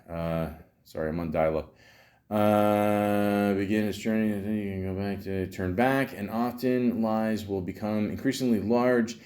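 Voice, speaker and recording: A man's voice: on the low side, darkish tone. A Canadian man hosting a podcast, rambling casually and self-deprecatingly, with frequent swearing. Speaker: podcast host. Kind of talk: casual solo commentary.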